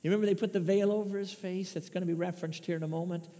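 A man from Chicago preaching a sermon, emphatic, swinging between loud declarations and hushed asides. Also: sits high, steady tone, racing. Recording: dull lo-fi sound with long reverb.

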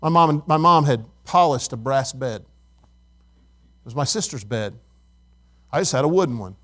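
A man's voice: mid-range voice, expressive, unhurried, fairly bright tone. A middle-aged man preaching as a pastor, talking with his congregation, asking questions and telling stories. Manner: conversational, asks the congregation questions, tells stories. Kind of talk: sermon.

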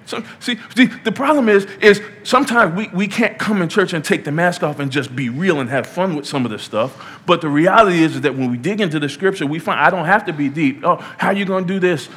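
A man's voice: on the high side, animated, fairly quick, hardly any pauses, fairly bright tone, husky. A man in his thirties preaching an informal sermon in a church, conversational and playful, rising to emphatic peaks. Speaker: pastor.

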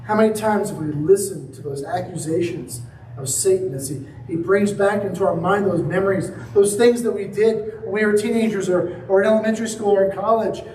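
Male preacher, high voice, sermon delivery with acted-out story, echoey hall mic. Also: fairly quick, a little mellow, a little hiss or hum. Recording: echoey room from a distance.

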